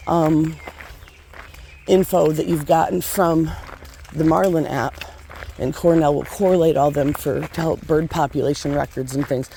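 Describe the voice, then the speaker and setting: A woman's voice: low-pitched, vocal fry, mellow, a little hiss or hum. A middle-aged woman hiking and filming herself, talking in a rambling, chatty, enthusiastic way. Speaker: hiker vlogger. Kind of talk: casual trail vlog. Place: outdoors on a hiking trail.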